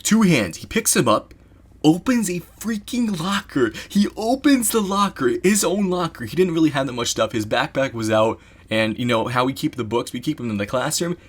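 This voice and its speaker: A man telling a story in a casual vlog, rambling and excitable, packing his talk with "you know" asides. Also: on the high side, normal speed, slightly rough.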